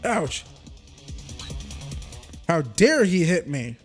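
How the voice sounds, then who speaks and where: A young man with a slightly high voice gives loose, jokey commentary while he streams a shooter game. He chats to his viewers and talks back at the enemies. Faint game music runs underneath. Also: very animated, drawn-out words. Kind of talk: casual gameplay commentary.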